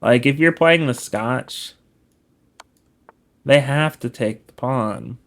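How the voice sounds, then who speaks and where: Male chess streamer, casual study commentary, slow drawn-out delivery, self-correcting. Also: mid-range voice, a bit bright. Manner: laid-back, explains as he goes, self-correcting.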